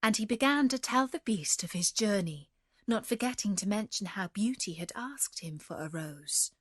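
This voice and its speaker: A woman reading a fairy tale aloud as a gentle bedtime story. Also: mid-range voice, expressive, moderate pace, slightly rough, dry recording, clean studio sound.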